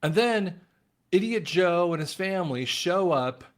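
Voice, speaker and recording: A man's voice: high-pitched, animated, unhurried. A male host giving casual political commentary, talking straight to his viewers. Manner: casual, addresses viewers as guys.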